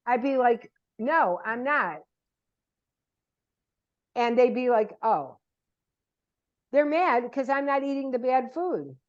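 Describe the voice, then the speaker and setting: A woman's voice: high-pitched, normal speed, few pauses, a little mellow. Emphatic older woman, dull lo-fi sound. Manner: emphatic storyteller acting out quoted people. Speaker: guest. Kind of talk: casual podcast chat.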